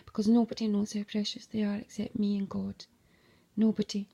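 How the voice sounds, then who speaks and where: A woman telling a rambling, emotional personal monologue, swearing heavily and sometimes dropping to a hushed whisper. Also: mid-range voice, completely flat delivery, brisk, gravelly. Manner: heavy swearing, agitated, emotional; drops into hushed whispery stretches. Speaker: mother.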